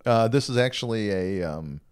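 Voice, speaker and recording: Animated, laughing male radio host. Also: lowish voice, moderate pace, clean tone. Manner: laughs often, animated storytelling. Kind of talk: casual morning-show banter.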